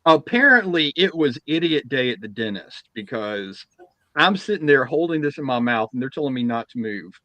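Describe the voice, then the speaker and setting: A man co-hosting a podcast, telling a funny anecdote in a casual, lively way. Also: mid-range voice, moderate pace, no room sound, highs cut off. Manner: animated anecdote-teller, chuckling through his story. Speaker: podcast co-host. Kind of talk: casual chat, storytelling.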